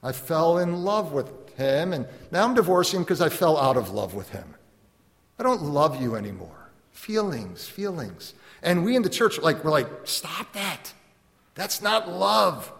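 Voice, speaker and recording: A man preaching a sermon as a pastor, animated, acting out little dialogues and laughing often. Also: on the high side, normal speed. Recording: long hall reverb.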